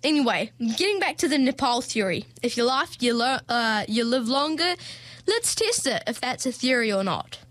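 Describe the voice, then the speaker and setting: A woman's voice: a little high, big pitch swings, normal speed, fairly bright tone, dry recording. A young woman, hosting a podcast in a playful, chatty comedic monologue full of fillers and jokey asides. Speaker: podcast host.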